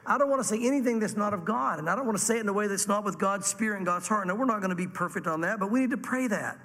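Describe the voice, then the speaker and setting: A man preaching a sermon to a congregation, animated and acting out the voices he quotes. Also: high voice, very fast, long reverb tail. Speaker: pastor.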